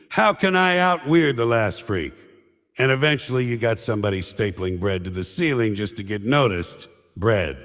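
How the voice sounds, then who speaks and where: A man's voice: medium pitch, fairly bright tone. An older man delivering a sardonic stand-up monologue, mocking and ranting in punchy short lines. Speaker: stand-up comedian. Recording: long hall reverb.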